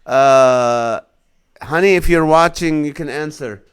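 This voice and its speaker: A man's voice: on the high side, slow pace, clean tone. A man in his forties, a comedian hosting a casual live stream, reading viewer comments aloud and laughing along with their jokes. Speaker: comedian and show host.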